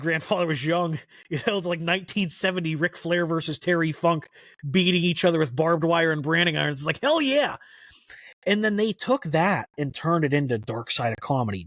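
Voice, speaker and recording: Talkative man with a higher voice. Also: no echo, clean studio sound. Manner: rambling, many "like" fillers, animated retelling. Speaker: podcast guest, country music historian. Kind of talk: casual conversational storytelling.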